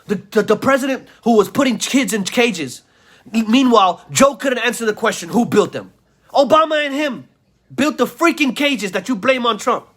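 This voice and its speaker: A man's voice: extremely high pitch, lively intonation, moderate pace, fairly bright tone. A man ranting in a video commentary, insulting his listeners, repeating himself and stammering through restarts. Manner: insulting, repetitive, heated rant. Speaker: vlogger.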